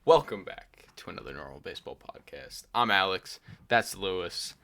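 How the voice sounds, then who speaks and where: A man's voice: deep voice, moderate pace, gravelly. A young man hosting a casual sports podcast, talking loosely with lots of ums and restarts. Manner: relaxed, many fillers and restarts. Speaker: podcast host.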